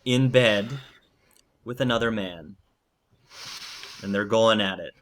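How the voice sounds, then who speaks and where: A man narrating a tabletop role-playing game as game master, slow and halting, with many fillers. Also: fairly low pitch, a little hiss or hum.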